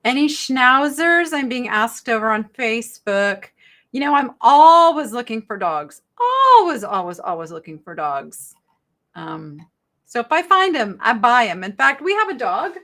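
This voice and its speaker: A middle-aged woman hosting a live online sale, chatting brightly with viewers and describing thrift finds. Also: fairly high pitch, big pitch swings, unhurried. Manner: chatty, bubbly, reads viewer chat aloud. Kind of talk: live-stream sales chat.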